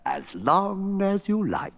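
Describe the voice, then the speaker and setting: An actor playing a crafty gentleman fox in a vintage storybook record, oily and overly courteous. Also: sits high, wildly swooping pitch, slow, long reverb tail, full character voice. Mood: smooth. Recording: old record with faint orchestral music.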